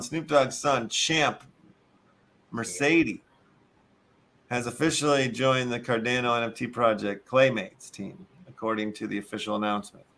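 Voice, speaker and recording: A man's voice: mid-range voice, vocal fry, fairly bright tone, a little hiss or hum. A man with a Chicago accent hosting a casual show, reading articles aloud, cursing and tripping over long words. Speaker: show host.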